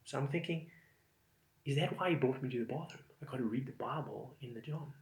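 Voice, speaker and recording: A man telling a personal story in a casual, rambling way, full of fillers, growing animated. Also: medium pitch, brisk, echoey room. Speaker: vlogger telling his testimony.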